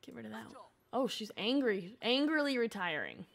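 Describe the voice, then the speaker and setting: Chatting through a life-sim game, a young woman streamer addresses her audience and urges her in-game characters on. Her voice sits high, swings widely in pitch, and drops into a gravelly fry as phrases end; her pace is normal and her tone fairly bright.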